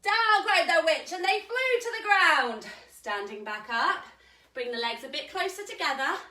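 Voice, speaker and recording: A woman with a high, very lively voice leads a live yoga class for children. She reads a picture book aloud between cheerful, encouraging instructions. Her voice sounds bright and echoes around the room, picked up from a distance. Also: moderate pace. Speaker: kids yoga teacher. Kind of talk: live kids yoga class with story reading. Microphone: live stream camera mic at a distance.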